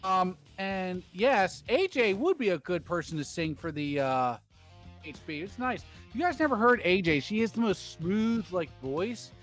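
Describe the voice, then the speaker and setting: A man's voice: high voice, very animated, unhurried, fairly bright tone, faint music behind. A man doing rambling, jokey play-by-play commentary on a baseball video game stream.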